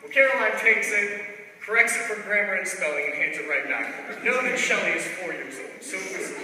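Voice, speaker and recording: Young male stand-up, playful and loud, heard from far off in a big reverberant hall. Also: sits high, a little fast, a crowd in the background. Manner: loud, energetic, playful storytelling. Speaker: stand-up comedian. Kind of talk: stand-up comedy set. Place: large echoey hall. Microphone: far room mic. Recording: echoey hall from far off, faint noise.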